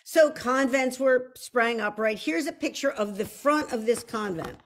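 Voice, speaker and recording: A woman's voice: a little high, animated, a little slow, slight background noise. A woman hosting a live online show, chatting casually and with self-deprecating humor, often restarting her sentences. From United States. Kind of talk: casual live-stream talk.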